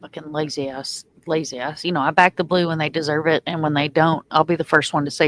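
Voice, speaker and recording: A woman's voice: sits low, steady tone, fast, hardly any pauses. A woman hosting a casual group chat, ranting angrily with lots of swearing. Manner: angry, profane ranting. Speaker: host.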